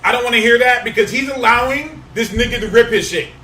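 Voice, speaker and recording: A man co-hosting a casual podcast chat, loud and emphatic, repeating lines for effect. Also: extremely high pitch, quick pace. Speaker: podcast co-host. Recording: roomy, distant mic with faint noise.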